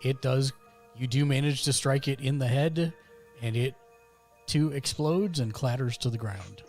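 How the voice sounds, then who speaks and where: A man's voice: medium pitch, measured pace, darkish tone, faint music behind. A man running a tabletop game as game master, narrating the action steadily with small fillers.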